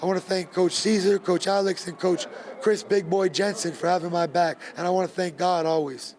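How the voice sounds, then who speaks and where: High-voiced fighter man, emphatic. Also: steady tone, brisk, darkish tone. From Gloucester, Massachusetts. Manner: emphatic, repeats phrases. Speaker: bare knuckle fighter. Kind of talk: post-fight interview.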